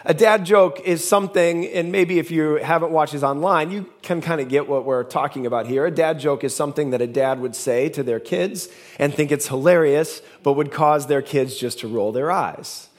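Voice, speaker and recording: A man's voice: on the high side, moderate pace, few pauses. Man preaching a conversational sermon. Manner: conversational, storytelling with dad jokes. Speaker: pastor.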